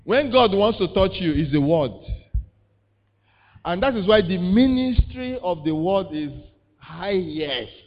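A pastor preaches a call-and-response sermon, repeating words and putting questions to the congregation. His voice is high-pitched with lively intonation and a measured pace. The sound is reverberant and muffled.

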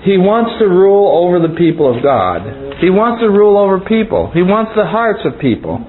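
A man's voice: high voice, big pitch swings, moderate pace. A man preaching a sermon, explaining scripture verse by verse and calling out to the congregation for an amen. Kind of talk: sermon teaching. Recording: tinny phone-like sound with faint hiss.

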